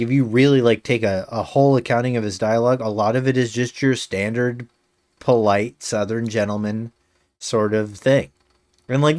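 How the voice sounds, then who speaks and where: A man's voice: mid-range voice, no room sound. A male game streamer chatting casually on a live stream, rambling with many fillers and slipping in dry jokes.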